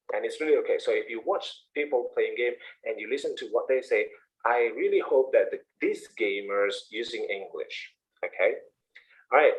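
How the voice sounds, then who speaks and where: A man's voice: medium pitch, poor audio. A man, an English instructor giving an online speaking class, encouraging and often checking in with "okay?" and "all right". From Indonesia. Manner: lively, encouraging, repeats key points with "okay?" and "all right".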